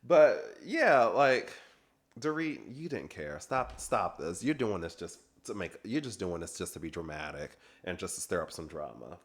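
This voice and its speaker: A man's voice: sits low, fairly bright tone. A man giving a casual, sassy recap review of a reality TV reunion, chatting and laughing as he goes.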